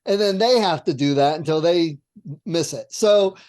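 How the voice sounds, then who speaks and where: A man co-hosting a podcast, telling game-night stories in a lively, animated way and laughing as he goes. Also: fairly high pitch, normal speed. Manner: animated storyteller, acts out lines with laughs. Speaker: podcast co-host. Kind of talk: casual chat.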